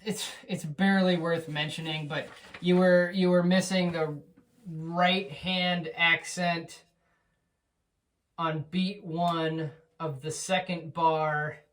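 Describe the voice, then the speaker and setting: A man giving a drum student feedback in a relaxed, encouraging way, with frequent ums and restarts. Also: a little high, slow. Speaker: drum teacher. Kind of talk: recorded feedback lesson. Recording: distant mic with faint noise.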